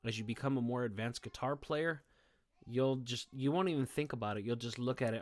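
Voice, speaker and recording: Speaking fairly quickly in a medium pitch, a male guitar teacher leads a lesson indoors while playing. He's encouraging and keeps checking in with "okay?" and "all right?"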